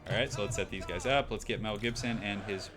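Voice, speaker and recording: A man's voice: lowish voice, brisk. A young man streaming a multiplayer game, chatting upbeat and rambling in a nasal, put-on Australian accent. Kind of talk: casual live-stream gameplay chat. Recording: game music playing behind. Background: game music.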